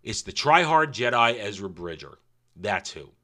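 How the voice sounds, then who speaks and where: A man's voice: lowish voice, very animated, normal speed, bright, forceful tone. A man giving a casual, opinionated show review in a sarcastic, scornful way, with mocking asides.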